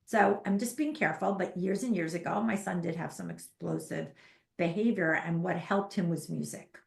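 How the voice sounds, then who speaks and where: A woman in her fifties, a parenting coach, talking as a guest in a casual interview, animated and emphatic. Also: fairly low pitch, moderate pace, vocal fry. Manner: animated, emphatic, acts out parents and kids in quotes. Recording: echoey room.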